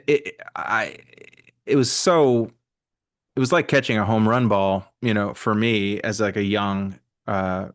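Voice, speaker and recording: A man with a fairly low voice chats loosely as a podcast guest. He rambles, breaks off mid-thought and circles back as he tells his stories. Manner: rambling, self-interrupting storyteller. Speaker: guest comedian. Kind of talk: casual podcast chat.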